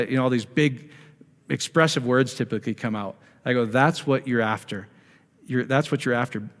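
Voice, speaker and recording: Man coaching a group in an echoey hall. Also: medium pitch. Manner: conversational, coaching, asks the audience questions. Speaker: ministry speaker leading prayer. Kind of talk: informal teaching to a live group. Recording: long reverb of a hall.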